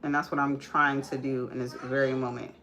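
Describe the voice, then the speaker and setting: A young woman who vlogs makeup and is a mother chats casually during a live makeup stream, calling viewers "guys," saying um a lot as she works, and stopping to tell her kids to quit climbing on things. Her voice is a rumbling low with a level tone, fairly quick and fairly bright, with slight background noise.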